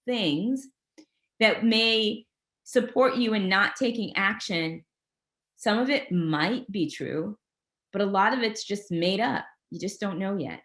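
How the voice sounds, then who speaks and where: A woman giving an energetic, motivational career webinar, speaking straight to her audience and wandering off on tangents. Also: mid-range voice, unhurried, echoey room. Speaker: presenter of a career master class. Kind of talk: webinar talk.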